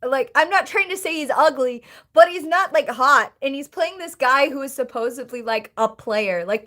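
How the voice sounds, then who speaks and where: A woman's voice: high-pitched, fairly bright tone. A young woman live streaming, chatting casually and rambling with lots of fillers and giggles as she thanks viewers.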